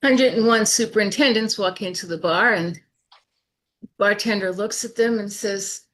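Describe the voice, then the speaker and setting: A woman telling improvised bar jokes on a video call with a brisk delivery built toward the punchline. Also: medium pitch, a bit bright. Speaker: improv player.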